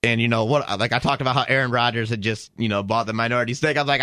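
Bright, dry-sounding man, chatty storyteller, rambling with fillers. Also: medium pitch, steady tone, rapid-fire, few pauses, dry recording. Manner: rambling anecdote with many fillers. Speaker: podcast guest, producer. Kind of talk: casual chat, storytelling.

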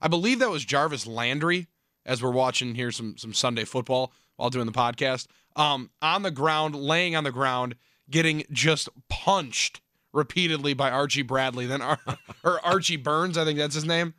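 Bright, brash wisecracking man. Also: medium pitch, moderate pace, no room sound, clean studio sound. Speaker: podcast co-host. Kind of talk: casual chat.

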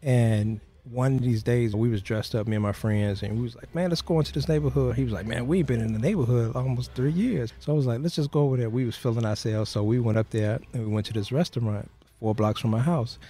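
A man's voice: mid-range voice, a little fast, few pauses, mellow, slight background noise. A man being interviewed as a guest, telling a personal story in an earnest, plain-spoken way and acting out the voices of people in it.

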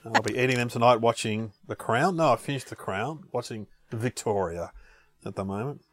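A man's voice: mid-range voice, brisk, no echo, clean studio sound. A man, co-hosting a podcast and chatting casually while tasting food. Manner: chatty, animated, puts on voices in anecdotes. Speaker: podcast co-host.

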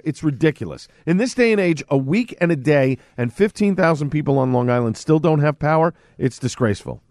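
Indignant, animated New man. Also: on the high side, normal speed, hardly any pauses, no room sound, clean studio sound. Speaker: radio co-host. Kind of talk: casual talk radio chat.

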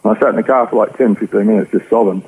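An Australian man tells his story at a quick clip, earnest and rambling. His voice sits low and sounds husky. The audio is tinny and narrow, like a phone line on the radio. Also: a little hiss or hum. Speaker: interview guest. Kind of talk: personal testimony.

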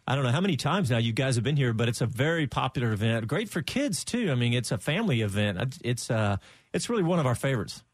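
A man on a radio show talks fast with a bright, upbeat energy, his voice dry and close to the mic. He runs the show and introduces the guests. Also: medium pitch, big pitch swings, no echo. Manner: quick, upbeat, enthusiastic. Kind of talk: casual radio chat.

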